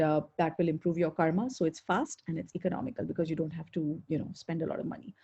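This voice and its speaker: A woman's voice: on the low side, dark tone, breathy edge, muffled recording. A woman teaching a spiritual healing class on a video call, talking in an earnest, chatty way with lots of fillers. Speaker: pranic healing instructor. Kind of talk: online spiritual talk with slides.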